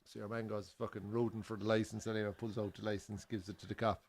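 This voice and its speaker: A man's voice: fairly low pitch, level tone, quick pace. A man with an Irish accent co-hosting a live football watch-along from a bar, in casual chat full of swearing and acted-out joke voices. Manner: swears freely, tells jokes with voiced characters. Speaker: co-host. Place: bar during a live match.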